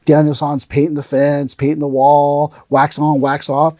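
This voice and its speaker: A man's voice: a little high, moderate pace, dry recording, clean studio sound. A middle-aged man, an aikido instructor, hosting a casual podcast chat and animatedly acting out the lines in his stories. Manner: animated storyteller who acts out quoted lines.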